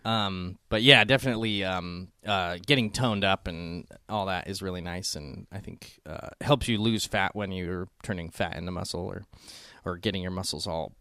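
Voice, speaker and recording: A man's voice: low voice, normal speed, bright, forceful tone, smooth, no room sound, studio quality. A man hosting a podcast in casual comedic chat, joking and swearing casually into a headset. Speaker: podcast host.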